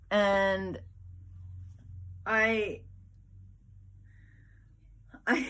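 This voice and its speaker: Speaking to camera, a young woman who is a mother and vlogger reflects casually on how she communicates with her children. Her mid-range voice has a fairly bright tone, and she rambles earnestly, often starting sentences over and acting out what she tells her kids.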